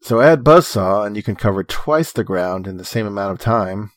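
Male co-host narrating recaps, low voice, dry close sound, steady delivery. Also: normal speed, no echo. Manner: steady, informative, dry humor. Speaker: podcast co-host recapping episodes.

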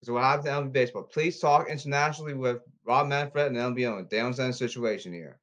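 A man podcasting alone in a repetitive, halting, pleading monologue. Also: medium pitch, fairly bright tone. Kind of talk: rambling solo monologue. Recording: slightly dull lo-fi audio.

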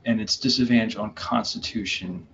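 A man's voice: lowish voice, steady tone, normal speed, creaky, a bit bright. A man running a tabletop game as game master, narrating in a hesitant way with many fillers and restarts. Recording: dull lo-fi sound with faint room noise.

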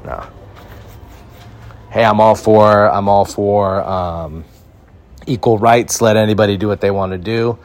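A man's voice: lowish voice, measured pace, pauses often. A man from Mexico hosting a comedy podcast, rambling and joking as he tells stories. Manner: rambling, joking, animated storytelling. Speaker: podcast host. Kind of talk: casual comedy chat.

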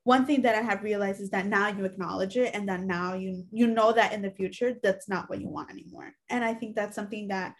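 A woman's voice: mid-range voice, fairly even intonation, brisk, hardly any pauses. A young woman in casual conversation who sounds thoughtful and supportive toward her friend. She pads her thoughts with "you know" and "like" as she works them out. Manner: reflective and supportive, with many "you know" fillers. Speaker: podcast co-host. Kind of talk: casual chat.

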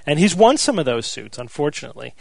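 A man hosting a podcast, chatting casually and explaining news items in a relaxed way. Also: on the high side, fast talker, gravelly, dry recording. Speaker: podcast host. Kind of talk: casual chat.

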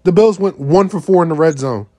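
A man with a fairly high voice co-hosts a casual sports podcast. He works through his points methodically, reading off one item after another. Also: brisk, dark tone. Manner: methodical, runs through lists step by step. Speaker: podcast co-host.

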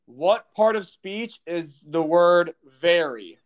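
A young man with a high voice and lively intonation speaks slowly in a clean tone. He's co-hosting a podcast as quizmaster, teasing his partner casually and laughing often.

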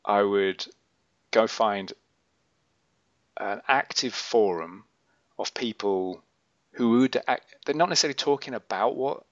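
A man's voice: on the low side, measured pace, long pauses, fairly bright tone, no room sound. A man hosting a podcast, chatting casually and rambling, acting out quotes as he explains. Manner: rambling, self-correcting, acts out quotes. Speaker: podcast host. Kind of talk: casual chat. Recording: dull, muffled sound.

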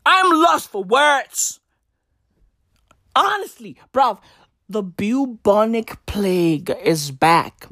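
A woman doing a profane comedic rant in street slang, her voice cracking as she lurches between yelling and whispering. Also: mid-range voice, big pitch swings, very slow, long pauses, dry recording, clean studio sound. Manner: shouty, slangy, wild swings from yells to whispers. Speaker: comic ranter.

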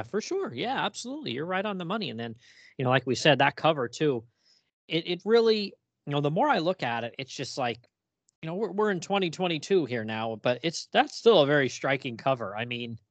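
A man's voice: on the high side, brisk, dry recording. A man hosting a comics podcast in casual chat, rambling with lots of fillers and easy laughs. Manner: relaxed, rambling, many fillers, laughs often. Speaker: podcast host.

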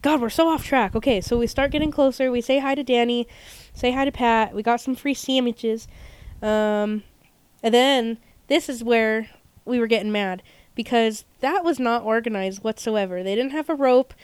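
Young woman cohost rambling through a story, lots of ums, smooth clear voice, dry close sound. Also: on the high side, moderate pace, no echo. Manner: chatty, rambling storyteller with frequent fillers. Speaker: podcast co-host. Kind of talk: casual chat.

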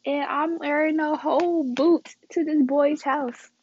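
A woman's voice: sits high, steady tone, unhurried, a little mellow, highs cut off. A young woman casually telling a story to her viewers, chatty and slangy, acting out quoted dialogue dramatically. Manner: slangy and chatty, addresses the audience as guys and y'all.

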